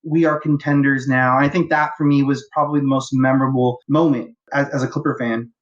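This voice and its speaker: A man's voice: medium pitch, steady tone, quick pace. Enthusiastic man from Los Angeles, lo-fi sound. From Los Angeles, USA. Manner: enthusiastic, rambling, frequent fillers and restarts. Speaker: guest, fan. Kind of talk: casual podcast interview. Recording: dull lo-fi audio.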